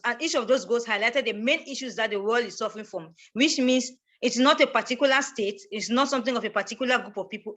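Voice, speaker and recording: A guest speaker with a Cameroonian accent makes a passionate advocacy case in a fairly high, fairly bright voice. She speaks emphatically, stressing her points and repeating words as she presses on.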